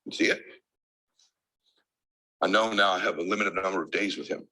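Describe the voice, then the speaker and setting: A man's voice: low-pitched, steady tone, normal speed, pushed and bright, poor audio. A man giving an emotional keynote speech as a motivational speaker, emphatic and driven by insistent repetition.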